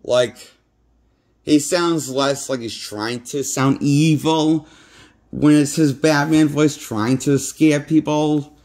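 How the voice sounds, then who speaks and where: A man's voice: fairly high pitch, steady tone, slow pace, darkish tone. A man giving a rambling, blunt casual movie review, recorded on a handheld phone. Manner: rambling, blunt, repeats himself. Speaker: movie critic.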